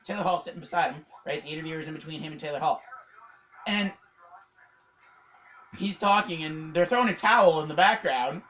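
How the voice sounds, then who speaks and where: Excitable rambling hockey vlogger. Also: medium pitch, fairly quick, long pauses, a little hiss or hum, poor audio. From Canada. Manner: excitable, rambling, many fillers and laughs. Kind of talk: casual hockey recap.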